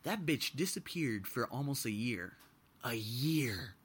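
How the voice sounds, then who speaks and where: A young man hosting his podcast, telling stories in a casual, animated way, swearing freely and laughing at his own anecdotes. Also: medium pitch, measured pace, husky. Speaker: podcast host. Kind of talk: casual storytelling monologue.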